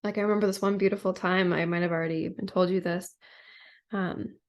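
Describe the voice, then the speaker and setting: Low-voiced woman telling a personal story. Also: fairly even intonation, quick pace, dull audio. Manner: reflective, heavy use of "like" and "you know". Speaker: podcast guest.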